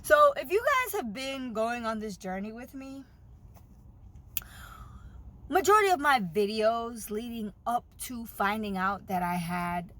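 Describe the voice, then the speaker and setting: A woman's voice: on the high side, big pitch swings, measured pace, a bit bright. A woman talking openly and earnestly in a personal vlog, retelling a doctor's visit with feeling. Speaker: vlogger sharing a fertility journey.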